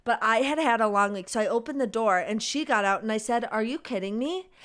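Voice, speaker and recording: A young adult woman co-hosting a podcast, telling a story in a rambling, animated way with plenty of "like". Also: on the high side, fast talker, clean tone. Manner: animated, rambling, heavy use of "like". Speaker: podcast co-host. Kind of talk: casual chat, storytelling.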